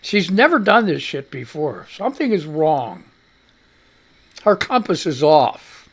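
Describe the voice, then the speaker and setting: Man, live talk show host, casual rambling, high voice, very expressive pitch. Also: takes it slowly, husky. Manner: animated, swears freely, chats to his cat; reads news headlines aloud with commentary.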